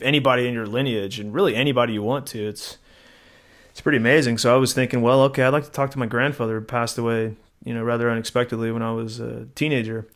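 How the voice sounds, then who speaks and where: A middle-aged man co-hosting a podcast, telling a personal story in a rambling, animated way, acting out quotes, with frequent restarts. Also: medium pitch. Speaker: podcast co-host. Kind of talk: casual conversational storytelling.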